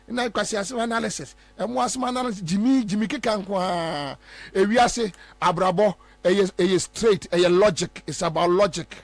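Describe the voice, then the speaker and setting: A man's voice: high voice, no room sound. A Ghanaian man hosting a talk show, giving emphatic, repetitive political commentary and mocking others.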